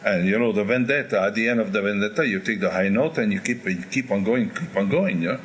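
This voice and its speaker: An older man, an opera singer, candidly telling animated stories in an interview and imitating crowd noises. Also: lowish voice, fast, a little hiss or hum.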